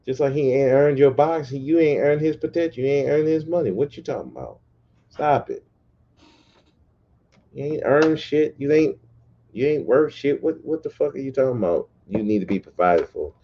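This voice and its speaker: A man's voice: mid-range voice, expressive, moderate pace, highs cut off, slight background noise. A man hosting a podcast livestream, ranting bluntly and profanely in a casual, repetitive way. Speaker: podcast host.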